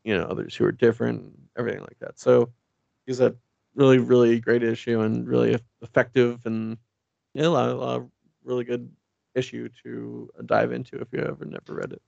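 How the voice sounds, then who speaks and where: A man's voice: mid-range voice, steady tone, fairly quick, gravelly, darkish tone, dry recording, lo-fi sound. A man co-hosting a casual podcast chat, recapping a comic and reading its dialogue aloud with many fillers. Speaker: podcast co-host.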